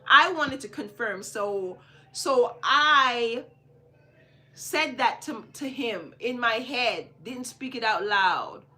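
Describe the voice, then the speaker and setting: Bright-voiced Jamaican woman telling a story. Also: on the high side, takes it slowly. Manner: animated, repeats phrases for emphasis, swings between hushed and loud. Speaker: podcast host. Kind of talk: casual storytelling.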